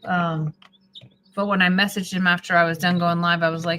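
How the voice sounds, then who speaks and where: Woman, sleepy, rambling live-stream chat, lowish voice, faint background ambience. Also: flat delivery, fairly quick, pushed and bright, a little hiss or hum. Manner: chatty, rambling, reads out viewer comments. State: sleepy, yawning. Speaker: homesteading livestreamer.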